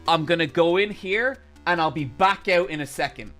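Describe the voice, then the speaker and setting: A man quoting a pushy, devout male landlord who speaks calmly and reassuringly in a retold story. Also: on the high side, normal speed, soft background music, close to an everyday voice.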